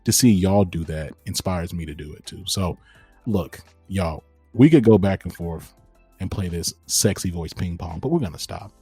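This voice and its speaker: A young man hosting a podcast, talking in a lively casual way and calling his listeners y'all. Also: deep voice, moderate pace, vocal fry, husky, no echo, soft background music. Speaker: host.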